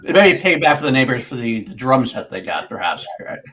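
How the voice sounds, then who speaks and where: A podcast co-host, a woman, jumps in with teasing jokes. Her voice is extremely low. Her pitch moves in a lively way. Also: a little fast. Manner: teasing, joking interjections. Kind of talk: casual chat.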